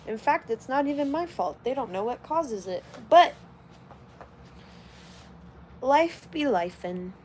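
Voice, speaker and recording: A woman's voice: sits high, animated, slow pace, pauses often, darkish tone, slight background noise. Blunt, foul-mouthed young woman streamer. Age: 20s. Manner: blunt and heavily profane. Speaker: livestreamer. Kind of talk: casual livestream chat reading comments.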